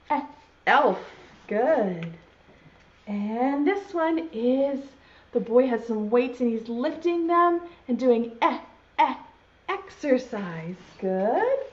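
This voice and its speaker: A woman leading a virtual preschool circle time as teacher, cheerful and sounding out letters slowly for small children. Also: on the high side, highs cut off.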